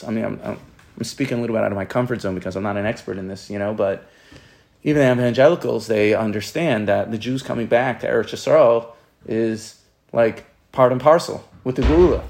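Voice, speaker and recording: A man's voice: fairly low pitch, gravelly, darkish tone. A man giving an informal Torah class, rambling and often restarting and repeating his words. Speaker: Torah teacher.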